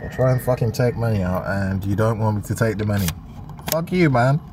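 Brisk and on the low side, this Englishman's voice carries an exasperated vlog rant as he swears at a cash machine in a town square, incredulous and laughing at it. Street noise can be heard behind the phone recording.

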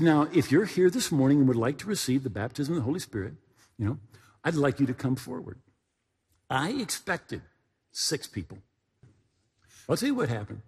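A pastor preaches in an easy, anecdotal way, checking in with his listeners as he goes. His voice is husky and swings widely in pitch. The sound rings with the long reverb of a large hall. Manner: folksy anecdotal preaching with asides to the congregation. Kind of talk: storytelling sermon.

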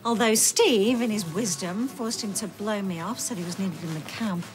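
A woman's voice: mid-range voice, normal speed, faint music behind, lightly acted. An actress playing a suspicious woman who questions pointedly. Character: sharp, suspicious middle-aged woman. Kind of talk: TV soap drama acting.

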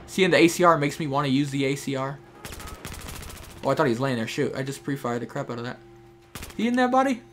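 A man's voice: mid-range voice, lively intonation, quick pace, pauses often, a little hiss or hum. A young man giving casual, chatty commentary while playing a shooter game, talking to teammates and viewers. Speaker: gameplay streamer. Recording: faint game gunfire behind.

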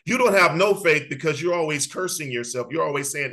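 High, bright-voiced impassioned preacher. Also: male voice, expressive, fast, few pauses, low-quality recording. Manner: impassioned, repetitive, conversational preaching. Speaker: Bible study teacher. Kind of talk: sermon-style Bible teaching.

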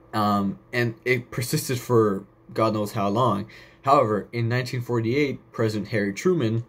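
A young man hosting a casual solo podcast, rambling off on tangents and swearing casually. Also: on the low side. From United States. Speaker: podcast host.

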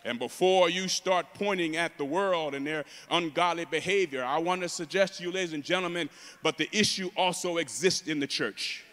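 A man preaching a sermon as a guest preacher, moving from calm teaching to loud, fervent preaching. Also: fairly high pitch, moderate pace, long reverb tail. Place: large church.

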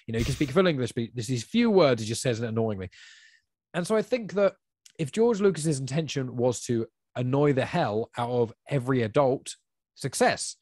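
A man talking through his views in a casual podcast chat, opinionated and sure of himself. His mid-pitched voice comes in fast spurts. The recording is dry and close, with no room sound. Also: lively intonation, a little mellow, no echo. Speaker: podcast guest.

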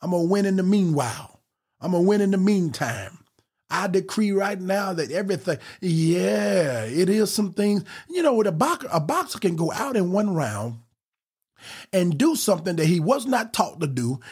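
A man with a high, husky voice delivers a fervent podcast sermon. He preaches with a rising, rhythmic exhortation, rushing some phrases and stretching others for emphasis. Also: sing-song, darkish tone.

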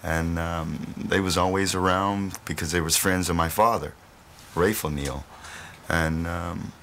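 Brief: man, low and bright-toned, loose laughing anecdotes, faint hiss behind. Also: fairly even intonation, measured pace. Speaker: blues musician interviewed. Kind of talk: relaxed storytelling interview.

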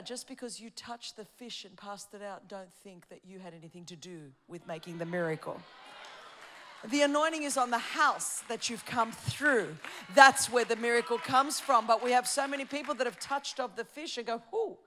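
Lady pastor preaching, high voice, goes from shouting to quiet. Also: slight background noise. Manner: passionate, shifting between shouting and quiet emphasis. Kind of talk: sermon.

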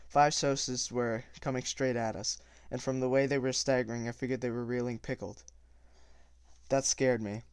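Man reading a novel aloud, smooth voice. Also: medium pitch, moderate pace, dry recording. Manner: steady reading with small slips and self-corrections. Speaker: audiobook reader.

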